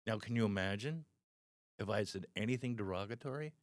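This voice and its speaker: A man's voice: lowish voice, quick pace, no room sound. A man in his sixties, a stand-up comedian guest, telling anecdotes animatedly in a casual podcast chat. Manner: animated storyteller, acts out the people in his anecdotes.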